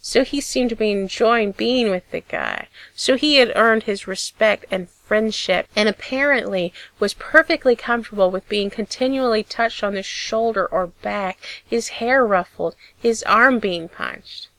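Woman narrator, mid-pitched, measured and expressive; dry booth sound, no room. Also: no echo. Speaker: audiobook reader. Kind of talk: storytelling narration.

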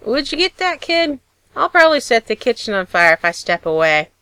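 A wry, self-mocking older general with a slightly nasal burr, as a woman reader puts him on. His lines sit higher and louder than her narration, and the sound is close and dry. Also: very animated, a little fast, clean tone, no echo. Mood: joking. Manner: joking, self-deprecating.

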